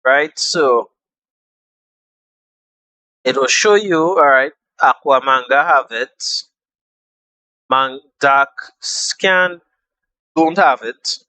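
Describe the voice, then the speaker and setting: A young man talks slowly through an app tutorial in a bright, forward voice. He is relaxed and chatty, often repeats a step or trails off with an "uh". The recording is dry and close, with almost no room sound. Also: mid-range voice, no echo, rough recording. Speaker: tutorial host.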